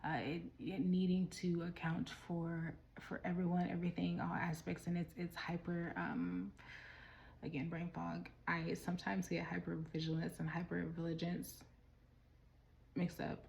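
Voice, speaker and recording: Breathless creaky-voiced woman reading tarot. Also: fairly low pitch, steady tone, moderate pace, a little mellow. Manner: rambling, restarts and trails off mid-thought. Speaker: tarot reader.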